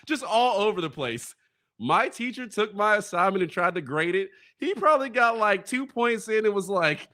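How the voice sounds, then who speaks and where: A young man with a bright, clear-toned voice, pitched a little high. He co-hosts a casual sports podcast and tells stories in a relaxed way, laughing as he goes. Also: normal speed. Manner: laid-back storytelling with laughter. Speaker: co-host.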